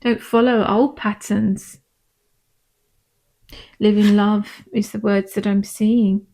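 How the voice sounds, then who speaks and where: A woman, a tarot reader and medium, gently and reassuringly talking viewers through a pick-a-pile reading. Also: mid-range voice, level tone. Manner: gentle, reassuring, unhurried, with frequent "um" and "I'm feeling".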